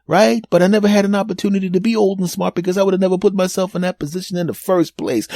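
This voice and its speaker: Mellow-voiced fifty-something comic storyteller. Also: male voice, high voice, no room sound, clean studio sound. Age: 50s. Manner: animated, rambling, self-mocking, repeats words for emphasis. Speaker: podcast host. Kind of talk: comedic storytelling monologue.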